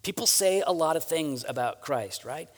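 Lively high-pitched male preacher. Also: normal speed. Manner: conversational, asks "right?" often. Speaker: pastor. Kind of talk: sermon. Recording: long hall reverb.

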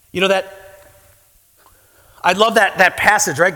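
Fervent preacher, male, high and bright, in a reverberant church hall. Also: fairly even intonation, unhurried, pauses often. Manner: fervent, rising to impassioned pleading. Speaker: pastor. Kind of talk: sermon.

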